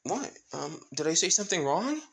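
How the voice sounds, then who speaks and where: A man's voice: a little high, big pitch swings, normal speed, vocal fry, pitched above the performer's own voice. A man voicing a small, innocent girl who asks timid questions. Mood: curious. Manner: soft, questioning.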